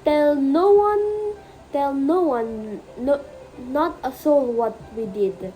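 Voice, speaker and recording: A woman voicing an earnest, excitable young prince from a story she is retelling, speaking emphatically. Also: fairly high pitch, takes it slowly, a little hiss or hum, rough recording. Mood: solemn. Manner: emphatic, rising and louder on his lines.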